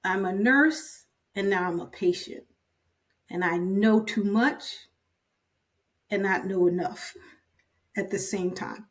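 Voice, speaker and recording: A woman's voice: mid-range voice, slow, pauses often. A woman in her fifties candidly recounting her own story in an interview, acting out the conversations she had with others. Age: 50s. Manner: candid, retells scenes by quoting others. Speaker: patient sharing her story. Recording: voice from a distance.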